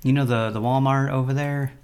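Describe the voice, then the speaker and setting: A man making prank phone calls, taunting and teasing the people he calls in a calm voice. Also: medium pitch, fairly quick, a little hiss or hum. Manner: mocking, taunting, calmly teasing. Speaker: prank caller.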